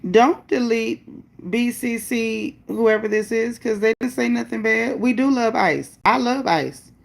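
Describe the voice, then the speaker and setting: A woman's voice: on the high side, fairly even intonation, unhurried, creaky. A woman hosting a livestream, reading viewer comments and speaking bluntly about her opinions and chat rules. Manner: greets viewers by name, upbeat bursts. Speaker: livestream host.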